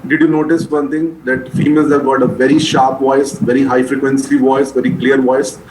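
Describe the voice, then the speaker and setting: A man's voice: medium pitch, flat delivery, fairly quick, a little mellow. Man lecturing in a roomy space. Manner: repetitive, drilling key terms for exams. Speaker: medical lecturer. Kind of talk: classroom lecture. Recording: roomy echo, faint noise.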